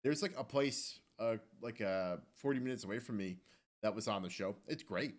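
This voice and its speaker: A man's voice: lowish voice, lively intonation, normal speed. Easygoing man telling a story. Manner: easygoing, filler-heavy storytelling. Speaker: podcast co-host. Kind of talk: casual chat.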